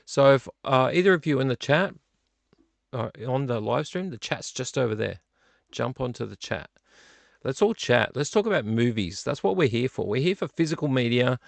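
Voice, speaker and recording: Brief: middle-aged man, gravelly, rambling live-stream host, dry close sound. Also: mid-range voice, expressive, normal speed, no room sound. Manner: rambling, chatty, self-deprecating. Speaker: vlog host. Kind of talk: casual live-stream chat. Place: home studio room.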